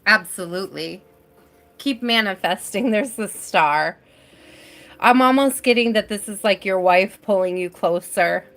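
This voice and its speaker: A woman's voice: mid-range voice, measured pace, fairly bright tone. A woman hosting a live tarot reading stream, chatting casually and addressing viewers by name as she reads.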